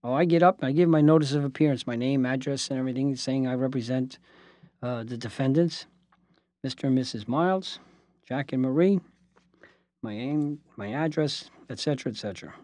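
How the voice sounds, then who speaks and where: A man, a lawyer, telling a lively anecdote with asides and voiced quotes. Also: medium pitch, brisk, no echo. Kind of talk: spoken anecdote.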